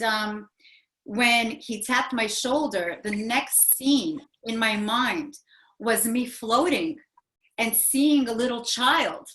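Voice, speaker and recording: Her voice is fairly high with a fairly bright tone. A woman in her forties, she tells an interviewer a personal story earnestly, rambling through fillers and restarts, recorded in a room with noticeable echo.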